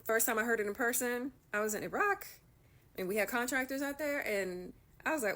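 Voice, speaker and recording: A woman's voice: fairly high pitch, lively intonation, a little fast, fairly bright tone. An American woman chatting bluntly and humorously. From United States. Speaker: veteran. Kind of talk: casual chat.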